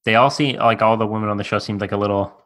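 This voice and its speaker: A young man co-hosting a podcast, chatting casually in a relaxed, hedging way. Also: on the low side, racing. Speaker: podcast co-host. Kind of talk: casual chat.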